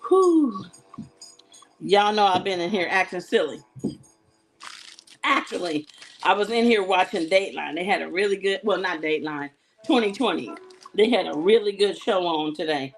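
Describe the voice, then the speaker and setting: A woman hosting a live jewelry sale show, chatting casually and giggling as she talks to her viewers. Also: medium pitch. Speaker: live shopping show host selling jewelry. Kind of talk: casual live-stream sales chat.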